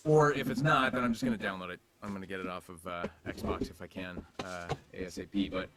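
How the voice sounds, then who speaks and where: A man's voice: low voice, fairly even intonation, fast, a loud crowd. A man speaking as an interview guest over a video call, easygoing and loose in casual chat.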